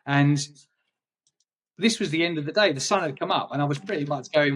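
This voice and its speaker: Rambling English photographer, distant mic. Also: male voice, a little high, fairly quick, a bit bright. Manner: rambling, hesitant with many restarts. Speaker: guest photographer. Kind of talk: casual interview chat.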